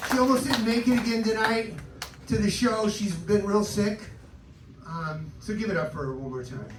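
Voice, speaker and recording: A man's voice: high voice, normal speed. A man doing a stand-up set on a live cabaret stage, crude and self-deprecating, working the crowd. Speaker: stand-up comedian. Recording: roomy live club recording from a distance, noisy.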